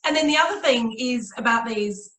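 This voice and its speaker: Aussie woman co-host, upbeat, bit high, roomy echo. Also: animated, normal speed, a bit bright. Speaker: co-host of a wine show. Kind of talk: casual chat. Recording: echoey room.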